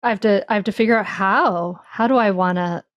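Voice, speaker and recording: A woman's voice: medium pitch, fairly quick, dry recording, highs cut off. A woman who writes about parenting, answering interview questions in a reflective, conversational way, often restarting her sentences. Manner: reflective, frequent restarts and "you know". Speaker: parenting author guest.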